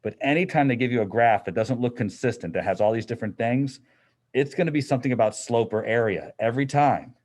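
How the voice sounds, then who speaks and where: A man's voice: medium pitch, quick pace, a little mellow. A middle-aged man teaching a physics class in a classroom, explaining in a casual, conversational way. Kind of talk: classroom lecture.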